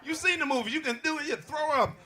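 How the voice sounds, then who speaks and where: A man's voice: very high-pitched, quick pace. A man doing a crude storytelling stand-up set at a live show. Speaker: stand-up comedian. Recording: noisy crowd at a live show.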